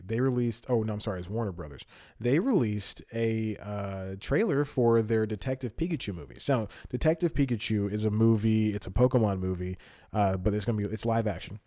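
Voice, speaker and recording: Low-voiced rambling comedy podcast host. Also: male voice, a little mellow, no echo, studio quality. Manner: rambling and self-interrupting, wry. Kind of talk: casual solo comedy monologue. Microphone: studio mic, wearing headphones.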